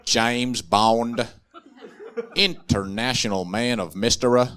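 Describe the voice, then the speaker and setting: A man voicing a Louisiana man playing a suave spy, with a put-on Southern drawl, slow and mock-suave. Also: mid-range voice, fairly even intonation, fairly bright tone, clean tone.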